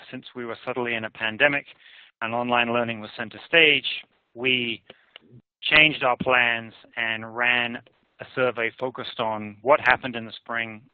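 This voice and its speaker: A man giving a measured, analytical conference presentation on survey findings. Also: medium pitch, dry recording. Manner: measured, analytical, hedges with "I would argue". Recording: tinny phone-like dry audio.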